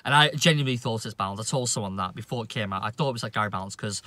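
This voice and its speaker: A man's voice: fairly low pitch, bright, forceful tone, no echo. A man ranting indignantly to camera as a cricket vlogger, swearing often and stumbling over restarts. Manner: indignant, profane, halting with many restarts. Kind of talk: opinion rant to camera.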